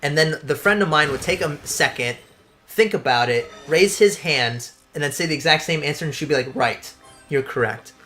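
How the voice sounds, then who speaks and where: A young man with a bright, forceful voice, pitched a little high, chats casually while he plays. He tells stories in an animated way, swears freely and laughs as he goes. Game music plays faintly underneath. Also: fairly quick. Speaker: let's play host. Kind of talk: casual gameplay chat.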